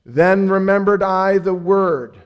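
A man's voice: high-pitched, slow, clean tone, dull audio. A man preaching a sermon, repeating key phrases for emphasis and acting out the people he quotes.

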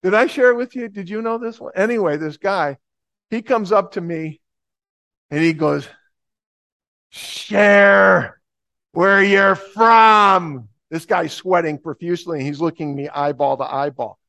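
Gravelly New preacher. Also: male voice, a little high, normal speed, no room sound. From New Jersey, USA. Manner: lively, humorous, emphatic. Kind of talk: sermon with storytelling.

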